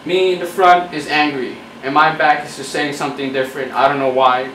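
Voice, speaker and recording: A man's voice: on the high side, steady tone, fairly quick, reverberant, recorded from a distance, noisy background. A man doing a profane, mock-angry comedy rant straight at his viewers. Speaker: YouTube comedian.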